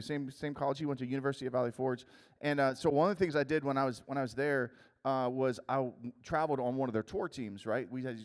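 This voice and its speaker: A man giving a comedic youth sermon, teasing the crowd with quick questions and telling a rambling story full of fillers. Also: fairly high pitch. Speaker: youth speaker. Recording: long hall reverb.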